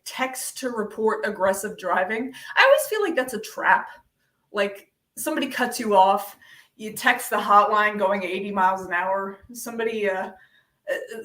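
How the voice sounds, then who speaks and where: Wry deadpan woman comedian, echoey. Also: medium pitch. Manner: deadpan, wry, many ums. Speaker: stand-up comedian. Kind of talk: stand-up set over a video call. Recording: echoey room, distant from mic.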